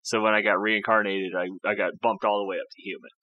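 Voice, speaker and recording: A man's voice: on the low side, flat delivery, quick pace, dry recording, lo-fi sound. A man co-hosting a podcast, rambling in easygoing, profane casual chat. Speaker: podcast co-host.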